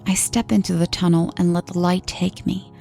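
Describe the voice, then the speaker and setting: A woman reads a horror story in a steady, earnest way with a dark, mellow tone and a gravelly edge to her voice. Faint music plays underneath her narration. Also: fairly low pitch, normal speed.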